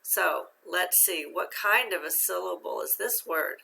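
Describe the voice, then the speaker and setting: A woman's voice: lowish voice, unhurried, creaky, pushed and bright, a little hiss or hum. A middle-aged woman teaching a phonics lesson to young children, patient and encouraging, asking questions and praising the answers.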